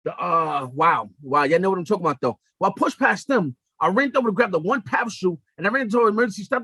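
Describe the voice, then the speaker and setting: A young man hosting a podcast, telling a comedic story in a profane, animated way and acting out the quotes. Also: high voice, quick pace, few pauses, husky, no room sound. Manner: animated, profane, acts out quotes in shifting voices. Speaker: podcast host.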